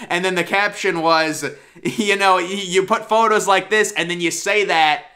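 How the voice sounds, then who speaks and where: A young man riffs through screenshots in casual commentary, cracking crude jokes as he reads. His voice sits high and sounds bright and lively. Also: measured pace.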